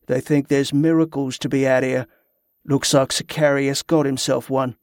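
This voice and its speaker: A man's voice: mid-range voice, normal speed, no room sound, studio quality, close to an everyday voice. A man doing a dead-voiced, bored smuggler. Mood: cold. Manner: flat, dead-voiced, clipped dialect. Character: grim male smuggler, cold and bored.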